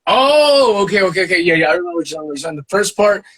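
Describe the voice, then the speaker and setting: Husky, animated Southern man telling a story. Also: rapid-fire, low-quality recording. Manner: profane, laughing, quotes others in high voices. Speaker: guest artist.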